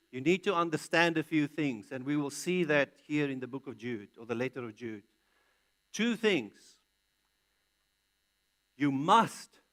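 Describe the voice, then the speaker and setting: In a large church hall, a man delivers an expository sermon, reading scripture aloud and answering his own questions while punching out key words emphatically. His voice is medium in pitch and a bit bright.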